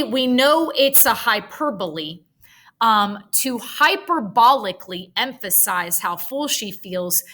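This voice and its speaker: A woman's voice: fairly high pitch, sharp tone. A woman tutoring writing, thinking aloud as she drafts a paragraph, chatty and self-correcting with nerdy asides.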